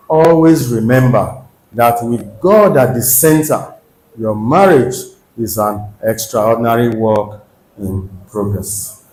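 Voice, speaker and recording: Nigerian preacher exhorting in an echoey church. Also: male voice, medium pitch, darkish tone, a little hiss or hum. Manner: earnest, exhorting with rhetorical questions. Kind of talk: sermon.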